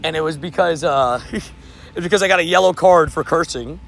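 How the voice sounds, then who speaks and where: A young man streaming, telling sports stories in a casual, animated way, laughing and repeating himself. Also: fairly high pitch, fairly quick, gravelly, slight background noise. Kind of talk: casual livestream storytelling.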